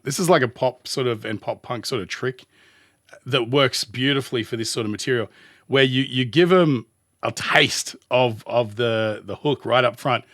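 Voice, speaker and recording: A man's voice: medium pitch, a bit bright, dry recording, studio quality. Australian man thinking aloud over music. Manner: rambling, thinking aloud while pausing the track. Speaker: music producer reacting to songs. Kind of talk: casual music reaction commentary.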